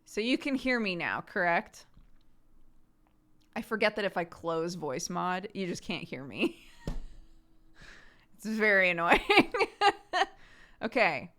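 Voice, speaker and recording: A woman streamer chats casually and unhurriedly. Her pitch rises and falls in a lively way, and laughter often breaks into her talk. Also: slow, long pauses. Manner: laughing, animated chat. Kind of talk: casual chat.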